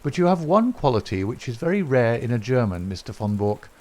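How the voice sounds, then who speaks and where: Guy doing a cool polite detective, dry and ironic, a bit higher and slower than his own voice. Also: very animated, mellow, close to an everyday voice. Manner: measured, courteous and dryly ironic. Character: calm wry gentleman detective, male, middle-aged.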